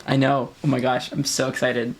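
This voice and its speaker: A man's voice: medium pitch, level tone, normal speed, vocal fry. A man co-hosting a podcast in casual chat, teasing his partner and laughing often. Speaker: podcast co-host.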